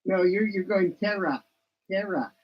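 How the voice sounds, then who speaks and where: A man's voice: high-pitched, measured pace, muffled recording. A man co-hosting a podcast, dryly teasing and correcting the host.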